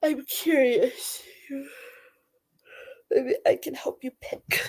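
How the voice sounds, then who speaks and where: A young woman with a voice pitched a little high talks casually to her livestream viewers. She is chatty and relaxed, and she drops curse words freely as she reacts to their messages. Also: drawn-out words, slightly rough. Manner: chatty and profane, reacting to chat. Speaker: livestream host.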